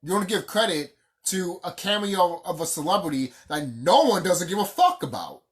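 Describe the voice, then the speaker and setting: Profane vlogger ranting with swinging pitch. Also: big pitch swings, moderate pace, faint music behind. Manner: profane, heated and emphatic, repeats phrases for stress. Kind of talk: casual unscripted rant.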